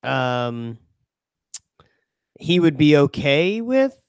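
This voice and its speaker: A man's voice: fairly high pitch, big pitch swings, extremely slow, clear, resonant tone, no room sound, studio quality. A man on a podcast reacting to a story with short, incredulous questions. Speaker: podcast co-host. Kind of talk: casual chat, reacting.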